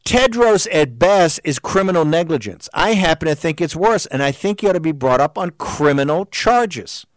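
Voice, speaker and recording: A man hosting a political talk show, delivering a heated, combative monologue full of rapid-fire rhetorical questions. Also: fairly high pitch, lively intonation, no echo, studio quality.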